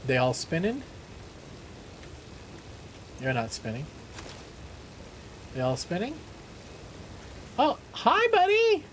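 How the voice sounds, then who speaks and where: A male game streamer with a high, bouncy voice that swings widely in pitch. He jokes with his chat, swears freely, and reads trivia questions aloud. A faint noise sits under his home streaming setup. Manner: animated, profane, joking with chat.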